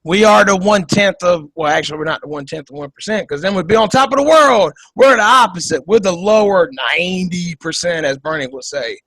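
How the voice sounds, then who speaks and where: A man's voice: sits high, animated, a little fast, fairly bright tone, no echo, rough recording. A man hosting a podcast, giving casual political commentary in a profane, joking, rambling way over a video call. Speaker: podcast host.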